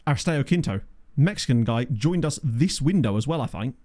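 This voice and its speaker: A man talks through a management game at his desk, thinking aloud in a chatty, unpolished way. His pitch sits in the middle of a man's range but swings widely, jumping up whenever something excites him. It is a casual, homemade commentary recorded on a desk microphone. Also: moderate pace.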